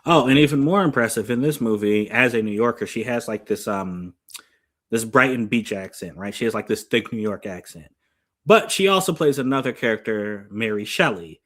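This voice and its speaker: Chatty man with a low voice reviewing films. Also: animated, moderate pace, a bit bright. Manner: enthusiastic, chatty, with many "like"s and "you know"s. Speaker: movie reviewer. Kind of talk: casual movie review.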